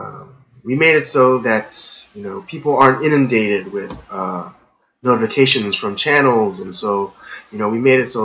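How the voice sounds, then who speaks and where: Male podcast host, rambling filler-heavy rant, bright forceful voice, slightly dull lo-fi audio. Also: medium pitch, a little hiss or hum. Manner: gets worked up and ranting. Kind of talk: casual live-stream monologue.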